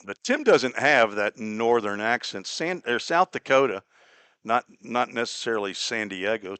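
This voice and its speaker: A man from Cincinnati calling a baseball game play by play, chatty and folksy, drifting into small talk between pitches. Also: moderate pace, a bit bright, clear, resonant tone, no echo. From Cincinnati, Ohio. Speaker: play-by-play announcer. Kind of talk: live baseball radio commentary.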